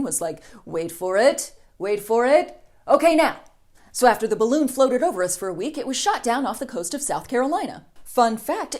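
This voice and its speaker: A woman's voice: medium pitch, darkish tone. A woman hosting a comedic news show, reading a scripted monologue with sarcastic jokes. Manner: sarcastic, with mocking voices for quotes.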